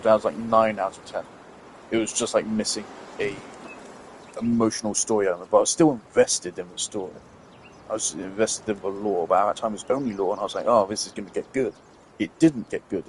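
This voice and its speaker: A man's voice: on the low side, slight background noise. A man giving let's play commentary over a game, swearing freely and ranting in exasperation. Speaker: gameplay commentator.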